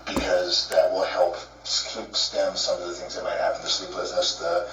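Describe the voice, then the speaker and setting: A man, a police detective, calmly advising a witness during an interview. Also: deep voice, normal speed. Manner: calm, reassuring. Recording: roomy distant recording with background hum.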